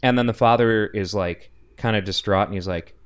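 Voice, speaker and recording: A man's voice: fairly low pitch, normal speed, clean tone. A man on a casual podcast chat, recounting a video game's story in a laid-back way with lots of fillers. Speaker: podcast co-host.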